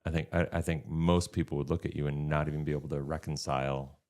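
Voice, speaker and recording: A man's voice: a bass voice, flat delivery, fast, a little mellow. A man hosting a podcast, listening supportively with short affirmations and occasional reflections. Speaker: podcast host. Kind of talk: casual chat.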